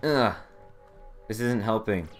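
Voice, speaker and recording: A man's voice: lowish voice, slow pace, faint music behind. A young man giving casual gameplay commentary, exasperated and sarcastic, swearing at a puzzle he can't solve. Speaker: let's play commentator.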